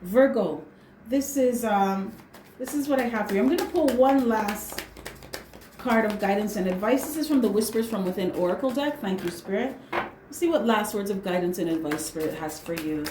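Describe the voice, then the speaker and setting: A woman's voice: medium pitch, animated, moderate pace, background noise. A woman giving a casual tarot reading, blunt and slangy, swearing freely and hammering her points home with "right?" and "okay?". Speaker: tarot reader. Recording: roomy echo.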